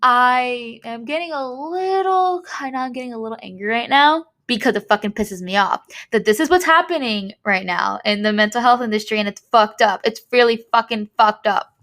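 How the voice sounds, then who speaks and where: A woman with a higher-pitched voice hosts her own podcast, telling a personal story. She talks in a heated, blunt way, swears freely and replays conversations line by line in quick back-and-forth. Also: a bit bright. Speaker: podcast host.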